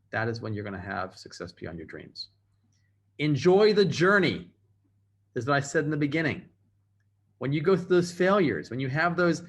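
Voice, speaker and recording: A man giving a motivational training talk over a video call, emphatic and repeating phrases for effect. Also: mid-range voice. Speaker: motivational speaker.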